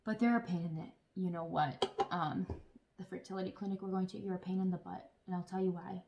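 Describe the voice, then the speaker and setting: A woman chatting casually to camera as a vlogger, telling stories in an animated way with some swearing. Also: lowish voice, a little fast, slight background noise.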